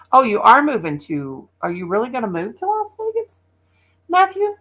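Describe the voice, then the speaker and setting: A woman's voice: fairly high pitch, fairly bright tone, rough recording. A chatty woman in her sixties from the Midwest, rambling casually to livestream viewers and laughing often. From American Midwest. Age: 60s. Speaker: livestream host.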